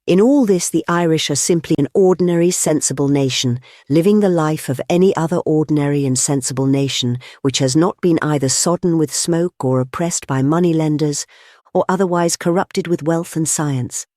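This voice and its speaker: Male narrator for an essay audiobook, warm low-lit tone, deliberate phrasing with steady pauses, dry close recording. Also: no room sound. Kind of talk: scripted audiobook reading of essays.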